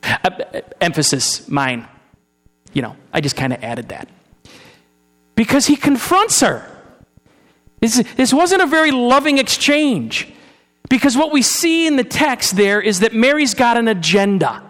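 A man preaching a sermon, talking to his congregation with rhetorical questions and sometimes sinking into a hushed, solemn tone. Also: extremely high pitch, sing-song, measured pace, pauses often. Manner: drops to a soft, hushed tone for solemn passages. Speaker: pastor. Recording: hall reverb with mains hum.

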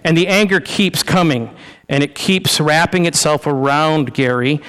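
A male pastor with a somewhat high voice delivers a loose, conversational sermon in a church, repeating and restarting words as he goes. He chats and jokes with the congregation between points. Long hall reverb trails each phrase. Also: a little slow, fairly bright tone, smooth. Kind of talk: conversational sermon with live demonstration. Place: church sanctuary.

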